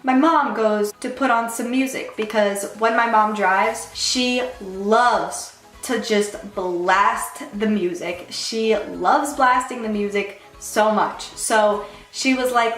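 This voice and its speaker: A young woman telling a storytime vlog story in an animated way, quoting people in lively voices. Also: a little high, takes it slowly, reverberant, soft background music. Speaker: vlogger.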